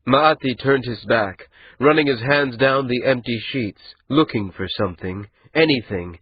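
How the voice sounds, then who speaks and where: A man narrating an audiobook in a measured, unhurried reading. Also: mid-range voice, breathy edge, highs cut off. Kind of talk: scripted narration.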